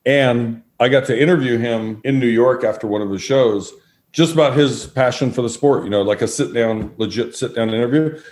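A middle-aged man, a former sports broadcaster, telling relaxed anecdotes as a podcast guest and acting out quotes. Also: mid-range voice, normal speed. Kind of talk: storytelling in a podcast interview.

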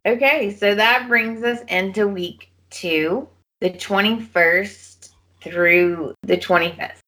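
Bright-voiced woman recapping a soap. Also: mid-range voice, takes it slowly. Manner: chatty storyteller who acts out characters' lines. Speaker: podcast host. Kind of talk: casual soap opera recap.

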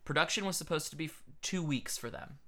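A man co-hosting a podcast, telling a story in a chatty, animated way. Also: on the high side, vocal fry. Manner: animated, chatty, quick asides. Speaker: podcast co-host. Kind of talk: casual storytelling chat.

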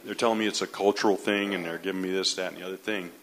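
A man's voice: deep voice, steady tone, racing. A man in the audience asking a question, hesitant and searching for words.

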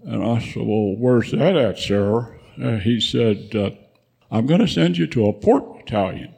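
A man's voice: medium pitch, expressive, a little slow, gravelly, warm tone, husky. A man in his nineties, a veteran guest, telling rambling war memories with frequent chuckles at a live event. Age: 90s. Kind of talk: spoken war memoir.

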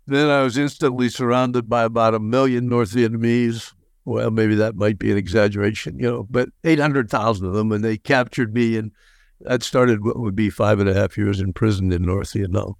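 Older male guest, lively wry storyteller, very dry close sound. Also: mid-range voice, a little fast, no echo. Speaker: guest, former prisoner of war and motivational speaker. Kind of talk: storytelling interview answers.

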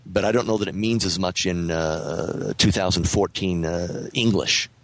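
Deep-ish guy on a podcast, thoughtful, lots of uhs, dry sound. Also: a bit bright, no room sound, low-quality recording. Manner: thoughtful, measured, with frequent fillers and restarts. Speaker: author guest on a podcast. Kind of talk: casual podcast conversation.

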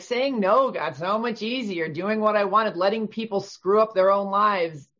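A woman in her fifties appears as an author guest in an interview, chatting casually, talking a lot, laughing readily and often restarting. Her voice is mid-range, and the audio sounds dull.

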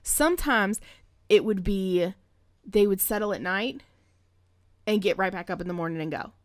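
A woman's voice: mid-range voice, moderate pace, dry recording, clean studio sound. Profane, irreverent woman podcast host. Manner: irreverent, profane, joking asides between scripture passages. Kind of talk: casual Bible reading and commentary.

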